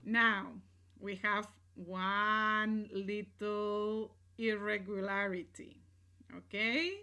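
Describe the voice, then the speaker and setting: A woman records a grammar lesson at a slow, patient pace. Her voice is bright and clear, and she keeps checking that her students follow along. She mixes English explanations with Spanish example sentences. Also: medium pitch, flat delivery. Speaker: Spanish teacher.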